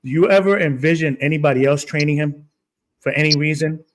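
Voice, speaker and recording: A man hosts a casual interview and asks his questions in a relaxed, affirming way. His voice sits a little high for a man. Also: a little fast, background noise.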